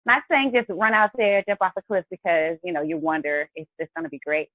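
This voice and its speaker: A woman's voice: lowish voice, fairly even intonation, fairly quick, dry recording, phone-quality sound. A woman hosting a live health and wellness show, chatty and encouraging as she talks to her viewers. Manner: chatty and encouraging, often addresses viewers as guys. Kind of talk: upbeat live-stream talk.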